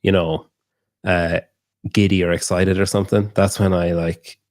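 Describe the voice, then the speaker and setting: Irish guy, young, low-pitched, loose rambling chatter with lots of swearing, dry close sound. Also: little pitch movement, moderate pace, a little mellow, no echo. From Ireland. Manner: rambling, swears freely, laughs often. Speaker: guest. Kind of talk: casual chat.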